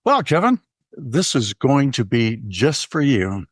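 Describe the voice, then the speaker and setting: A man's voice: medium pitch, animated, slow pace, slightly rough, no room sound, studio quality. A man voicing a cheerful young female barista with an eager, bubbly way of serving. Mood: chirpy.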